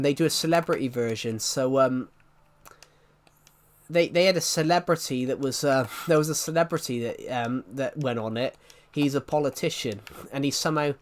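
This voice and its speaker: A man with a Southwest English accent, a streamer chatting casually and rambling as he answers viewers' questions. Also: medium pitch. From southwest England. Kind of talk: casual live-stream chat.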